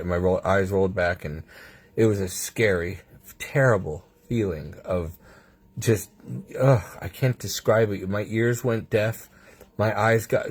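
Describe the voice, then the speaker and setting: Halting, low-voiced man in a hospital room. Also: a little mellow. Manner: rambling, halting, with restarts and nervous laughs. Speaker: patient sharing his health ordeal. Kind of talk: casual vlog monologue.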